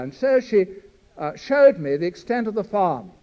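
A man's voice: high voice, very animated, moderate pace. An older man preaching a sermon to a gathering as an Anglican priest, earnest, building long lists and often stumbling and restarting. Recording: dull lo-fi recording.

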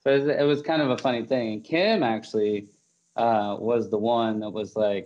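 A man's voice: mid-range voice, fairly even intonation, normal speed, a little mellow, muffled recording. A man hosting a podcast in casual chat, rambling, laughing often and full of fillers and restarts. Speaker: podcast host.

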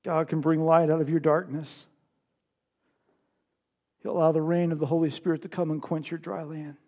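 High-voiced man preaching a sermon. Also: little pitch movement, normal speed. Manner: impassioned preaching, swings from loud to hushed. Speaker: pastor.

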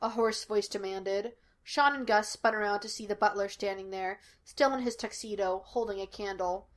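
A woman narrating a fan fiction audiobook in a steady storytelling manner. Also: mid-range voice, moderate pace. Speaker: audiobook reader.

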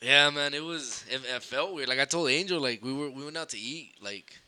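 A young man telling a story in casual chat, animated and swearing, slipping in Spanish phrases. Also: mid-range voice, fairly quick. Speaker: podcast guest storyteller.

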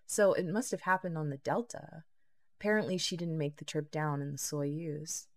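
Low, gravelly woman narrating a novel. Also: steady tone, moderate pace. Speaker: audiobook narrator. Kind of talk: scripted narration.

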